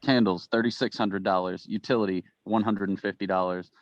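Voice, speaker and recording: A man on a casual podcast panel, reading jokes and tweets aloud in a deadpan way and often breaking into laughter. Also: low voice, fairly quick, no echo, highs cut off.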